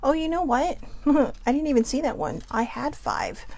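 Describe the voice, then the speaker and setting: A woman's voice: sits high, big pitch swings, moderate pace, darkish tone, a little hiss or hum. Giggly, swearing woman reading oracle cards. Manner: giggly, chatty, swears freely, goes off topic. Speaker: host of a live oracle card reading. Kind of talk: casual live card reading.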